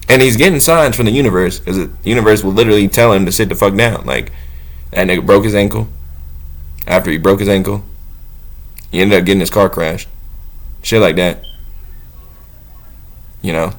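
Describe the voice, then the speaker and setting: A man talking off the cuff about faith and self-trust, blunt and profane, swinging between low musing and loud preaching. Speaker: motivational talker. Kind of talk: unscripted spiritual monologue.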